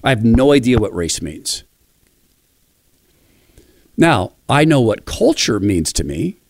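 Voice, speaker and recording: A middle-aged man from Spokane in a reflective monologue, telling animated stories and acting out quoted voices. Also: medium pitch, takes it slowly, dry recording, clean studio sound. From Spokane, Washington, USA.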